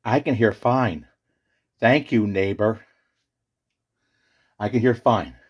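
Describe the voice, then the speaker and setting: Man playing a slow-talking know-it-all, low-ish voice, lectures. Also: breathy edge. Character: fussy pedantic male character. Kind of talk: comedy skit.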